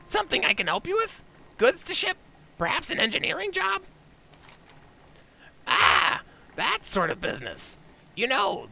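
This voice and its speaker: A greedy goblin smuggler boss snaps and wheedles in a piercing, glassy voice full of rasp and gravel. He lurches wildly up and down in pitch. Soft game music plays behind. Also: a little hiss or hum, exaggerated voice, rough recording. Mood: sly. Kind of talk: game voice-over dubbing.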